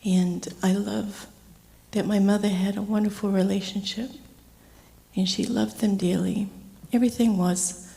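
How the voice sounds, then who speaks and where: A middle-aged woman speaking gently and slowly as she shares a heartfelt memorial tribute for her uncle. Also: mid-range voice, gravelly. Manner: gentle, slow and heartfelt storytelling. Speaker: niece giving a eulogy. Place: memorial service hall. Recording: long hall reverb.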